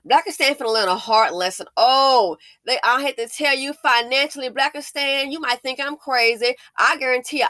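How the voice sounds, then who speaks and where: A woman's voice: on the high side, pushed and bright, no echo, clean studio sound. A woman hosting a commentary video, ranting in an angry, profane, scolding way. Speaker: commentary channel host. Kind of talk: blunt commentary rant.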